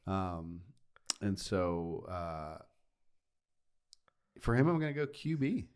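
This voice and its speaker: A man's voice: low-pitched, very animated, slow, darkish tone, smooth. A man, a preacher, chatting casually on a podcast, easygoing and thinking aloud with ums. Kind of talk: casual chat.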